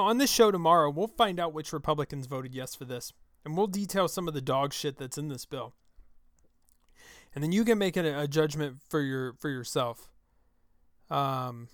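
A man hosting his own talk show, delivering an angry, profane political rant into a close microphone, with shouted outbursts. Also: fairly high pitch, clean tone, dry recording. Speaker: show host. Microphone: close studio mic.

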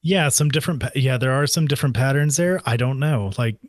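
A man co-hosting a podcast speaks hesitantly and keeps restarting his thoughts with fillers. His pitch is middling, and the sound is close and dry, with no room echo. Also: fast talker. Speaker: podcast co-host. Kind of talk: casual chat.

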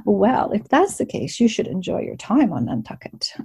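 A woman's voice: mid-range voice, wildly swooping pitch, moderate pace, a little mellow, slightly rough, heavily acted. A woman voicing an older woman innkeeper who speaks in a proper, precise way, in a storybook reading. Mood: gracious.

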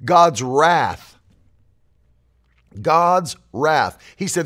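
A man's voice: fairly high pitch, animated, a little slow, a bit bright. A man preaching a sermon as pastor, emphatic and driving his points home with repeated declarations.

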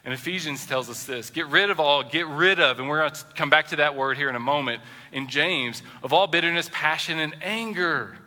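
Lively high-voiced male preacher in an echoey hall. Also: brisk, hardly any pauses. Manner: animated, acts out the voices of quoted people. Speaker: pastor. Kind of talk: sermon.

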